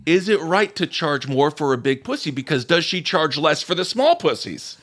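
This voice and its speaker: Podcast host, male, bawdy joker, very animated delivery. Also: fairly high pitch, normal speed. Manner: crude, joking storyteller reading out posts. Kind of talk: casual podcast chat.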